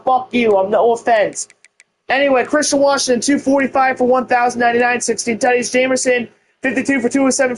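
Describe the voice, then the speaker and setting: Man rattling off football game stats. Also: very high voice. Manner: rattles off stats, hype announcer phrases, swears. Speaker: gaming YouTuber. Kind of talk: casual gameplay commentary.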